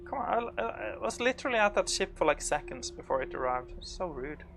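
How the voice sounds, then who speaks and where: A man's voice: high-pitched, big pitch swings, fast, gravelly, fairly bright tone, faint music behind. A man giving live commentary while he plays a game, rambling and full of fillers, swearing when startled. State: panicked, out of breath. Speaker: game streamer.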